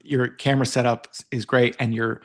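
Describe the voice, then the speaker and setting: A man's voice: mid-range voice, level tone, a little fast. A young Canadian man hosting a podcast interview in an easygoing, upbeat manner. He chats along casually, often restarting his sentences as he goes. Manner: upbeat, chatty, with filler restarts. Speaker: podcast host.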